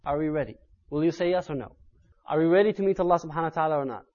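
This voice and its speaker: A man delivering an Islamic sermon in an earnest tone that builds to loud, urgent emphasis. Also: a little high, rapid-fire, lo-fi sound. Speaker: Islamic preacher.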